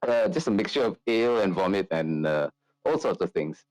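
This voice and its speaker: A man's voice: deep voice, lively intonation, moderate pace, darkish tone, dry recording, low-quality recording. Man narrating as game master. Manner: chatty, filler-heavy narration.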